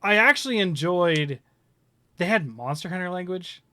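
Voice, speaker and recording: Bright-voiced man in casual chat. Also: sits high, animated, normal speed, no echo. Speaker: podcast co-host.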